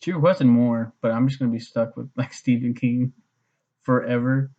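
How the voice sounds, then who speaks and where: A man's voice: mid-range voice, flat delivery, moderate pace, mellow, lo-fi sound. A man giving a casual, rambling book review, swearing freely and filling his talk with "like" and "um". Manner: swears a lot, many fillers, mocks posh voices.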